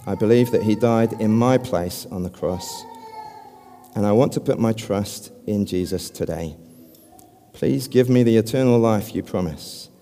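A man giving an earnest evangelistic talk as a preacher, speaking gently and slowing down to lead a prayer. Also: on the low side, a little hiss or hum. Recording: long hall reverb.

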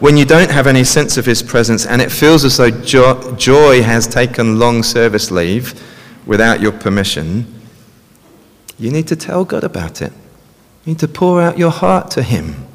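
In a large hall with a long echo, a man delivers a sermon in a medium-pitched, animated voice at normal speed. He talks conversationally and tends to close his points with tag questions.

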